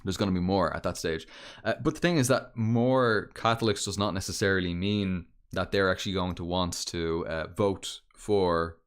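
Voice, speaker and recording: An Irish man with a low voice talks through history on a livestream. He lectures earnestly, stopping to restart and filling pauses with "uh". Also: clear, resonant tone. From Ireland. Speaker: guest. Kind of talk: political discussion on a livestream.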